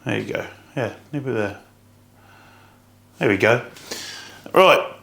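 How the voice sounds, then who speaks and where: A young man rambles quickly as he cooks, peppering his talk with swearing. He sounds worn out from the day. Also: medium pitch, lively intonation, gravelly, a bit bright. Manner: swears a lot, rambling and fast. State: tired. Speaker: fitness coach. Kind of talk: casual cooking vlog.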